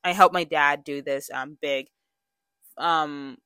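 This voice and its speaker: A woman's voice: low voice, steady tone, slow pace, pushed and bright, clean tone, no echo. A young woman hosting a podcast, talking candidly in a casual monologue, with lots of fillers and restarts. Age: young adult. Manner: chatty and candid, with frequent fillers and self-corrections. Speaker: podcast host.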